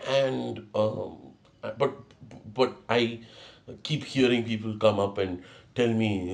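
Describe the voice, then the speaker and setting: A man's voice: fairly low pitch, fairly even intonation, slow, gravelly. A young man hosting a solo podcast, rambling through a confessional monologue and mocking himself with frequent swearing. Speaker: podcast host.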